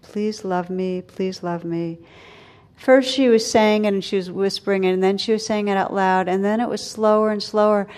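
A woman giving a dharma talk as a meditation teacher, speaking gently and reflectively with soft, slow pauses. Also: medium pitch, steady tone.

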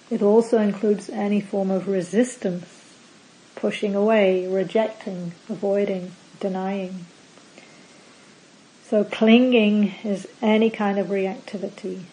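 A woman meditation teacher giving a dharma talk to a group, calm and measured, listing words one at a time with endings that fall away. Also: mid-range voice, poor audio.

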